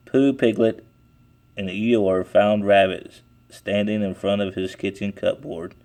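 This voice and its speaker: A man reading a children's storybook aloud in a slow, deliberate way. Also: fairly low pitch, steady tone, a little mellow. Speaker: storybook reader. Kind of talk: children's book read aloud.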